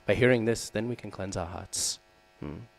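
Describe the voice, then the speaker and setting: Man, low voice, temple sermon, frequent "hmm?" asides, faint mains hum. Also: moderate pace, creaky, rough recording. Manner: frequent "hmm?" and "right?" checks with listeners; acts out quoted lines with raised voice. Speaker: devotional class speaker. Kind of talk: scripture class sermon. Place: temple hall.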